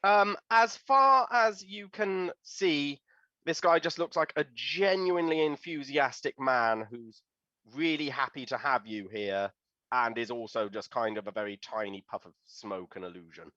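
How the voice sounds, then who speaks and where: A man's voice: medium pitch, measured pace, sharp tone, dry recording. A man running a tabletop game as game master, narrating scenes descriptively with occasional hesitations, recorded on a dull, slightly lo-fi mic.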